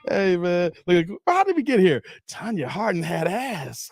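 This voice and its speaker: A man hosting a casual livestream chat, talking in an animated, slangy, rambling way and laughing often. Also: very high-pitched, takes it slowly, long pauses, heavy background noise. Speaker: show host.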